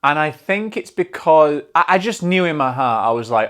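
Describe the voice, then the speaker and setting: A man hosting a solo film podcast, talking in an energetic, rambling way and swearing freely. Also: fairly high pitch, normal speed, few pauses. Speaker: podcast host.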